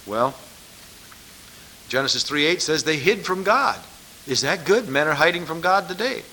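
A man's voice: on the high side, lively intonation, normal speed, sharp tone, a little hiss or hum. A man preaching a sermon, pressing his listeners with emphatic rhetorical questions.

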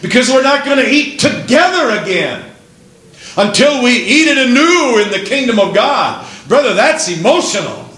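A man's voice: very high voice, very animated, normal speed, fairly bright tone, roomy sound, low-quality recording. A man preaching a sermon in a church, building his points with one emphatic rhetorical question after another.

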